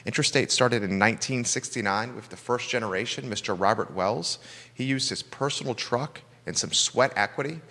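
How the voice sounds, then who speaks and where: A man's voice: mid-range voice, moderate pace, pushed and bright, big-room sound. A man hosting a local business talk show, upbeat and enthusiastic with his guests. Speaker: show host. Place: studio with cameras.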